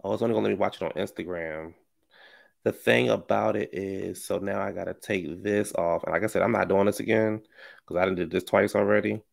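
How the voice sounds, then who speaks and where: A man with a low, gravelly voice, rambling through casual gossip commentary. He talks in a chatty, slangy way and breaks off into asides. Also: steady tone, a little fast. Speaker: commentary vlogger.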